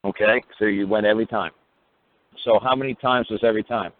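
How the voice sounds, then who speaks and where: A man's voice: lowish voice, steady tone, fairly quick, dry recording. A man hosting a call-in talk show, blunt and sarcastic, breaking into profane rants. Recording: tinny phone-line sound with faint noise.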